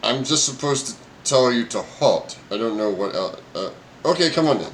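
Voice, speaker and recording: A man's voice: medium pitch, expressive, moderate pace, a little hiss or hum, lightly acted. A man voicing an eager young male goblin guard, a new recruit who trails off mid-sentence. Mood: unsure.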